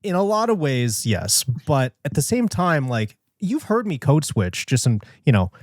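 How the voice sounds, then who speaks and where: A man's voice: a little high, big pitch swings, moderate pace, no room sound, studio quality. A man from Hawaii chatting on a comedy podcast, making crude jokes and sometimes tripping over his careful wording. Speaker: podcast co-host. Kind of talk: casual comedic chat.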